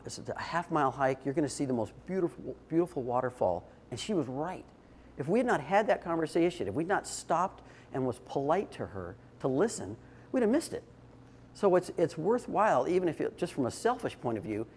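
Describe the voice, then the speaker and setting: A man's voice: medium pitch, a little mellow, slight background noise. An older man giving a short, informal talk to an audience, telling stories in a conversational way with restarts and fillers. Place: indoor event space.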